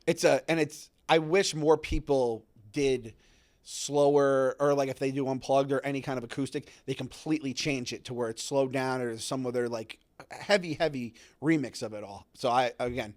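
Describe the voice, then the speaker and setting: A man co-hosting a podcast, talking in a rambling, animated way with many restarts. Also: mid-range voice, normal speed. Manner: rambling, self-interrupting, animated. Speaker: podcast co-host. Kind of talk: casual podcast chat.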